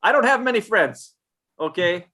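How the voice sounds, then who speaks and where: A man's voice: high-pitched, animated, moderate pace, bright, forceful tone. A man co-hosting a live podcast, telling rambling blunt stories in casual chat. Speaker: co-host.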